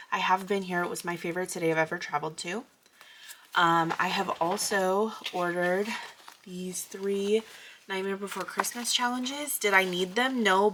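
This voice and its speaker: A woman's voice: mid-range voice, a bit bright. A young adult American woman from the Midwest, vlogging about budgeting in a chatty, digressive, upbeat way. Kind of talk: casual chat showing purchases.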